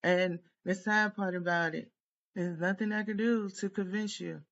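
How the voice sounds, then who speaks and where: A woman's voice: medium pitch, steady tone, normal speed, a bit bright, lo-fi sound. A woman tarot reader delivering a heated, profane, rambling rant straight to camera. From United States. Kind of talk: venting monologue to camera.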